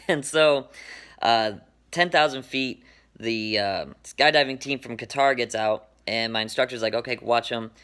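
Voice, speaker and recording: A man telling a personal story in a casual, animated way, laughing often and quoting himself. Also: mid-range voice, a little slow, smooth.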